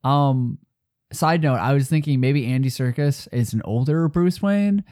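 A man's voice: mid-range voice, measured pace, a little mellow, no room sound, studio quality. A man co-hosting a casual podcast, bantering and joking. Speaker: podcast co-host.

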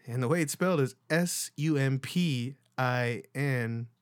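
A young man from California co-hosting a podcast in a loose, rambling way, casual swearing and lots of ums. His voice sits at an ordinary middle pitch. It is recorded close and dry, with no room sound. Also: a little slow, dry recording. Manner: relaxed, rambling, swears casually, many fillers. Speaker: podcast co-host. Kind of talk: casual chat.

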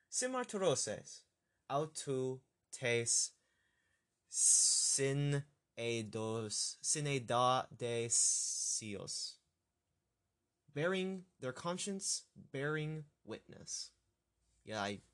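A man working through a scripture passage aloud as a teacher, thinking out loud, halting and correcting himself. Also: medium pitch. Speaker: Bible study teacher.

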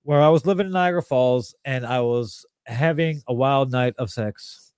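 A young man telling a crude story in casual podcast chat, rambling and animated. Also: medium pitch, moderate pace, smooth, no echo, clean studio sound.

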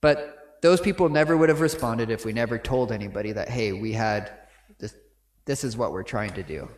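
A pastor preaches conversationally in an echoey church sanctuary, his mid-range voice at a moderate pace. He keeps checking in with listeners through asides, often tossing in a "right?"

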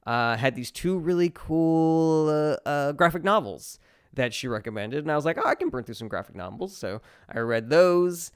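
A man's voice: medium pitch, smooth. A man who is a stand-up comedian hosting a podcast, rambling through a profane, self-mocking casual monologue.

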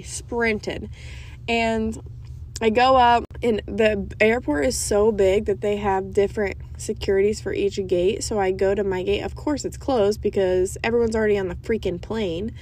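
A young woman telling a travel story in casual chat, animated, quoting people in lively voices and laughing along. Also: fairly high pitch.

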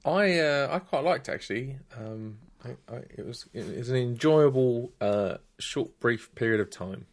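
A man's voice: medium pitch, animated, normal speed. A man co-hosting a podcast, dropping dry, sarcastic asides. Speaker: podcast co-host. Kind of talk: casual podcast chat.

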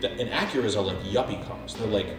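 A man in his thirties co-hosting a podcast, telling stories in a casual chat, animated and profane, often acting out salesmen. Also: lowish voice, quick pace. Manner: animated storyteller, lots of swearing, acts out salesmen. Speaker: podcast co-host. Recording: echoey room, mic at a distance, faint music.

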